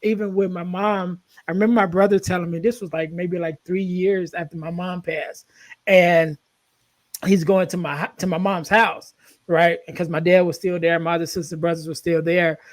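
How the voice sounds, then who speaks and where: A man's voice: high voice, little pitch movement, normal speed, no room sound. A man hosting a podcast, telling stories in an earnest, rambling way with many restarts. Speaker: podcast host. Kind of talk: casual conversational storytelling.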